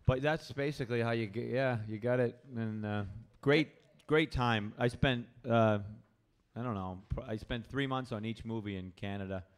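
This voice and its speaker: A man, a stand-up comedian and podcast guest, telling comic stories in a lively way and acting out the people in them, at a comedy club. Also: medium pitch, moderate pace, clean tone. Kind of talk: comic storytelling anecdote. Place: comedy club with a live audience.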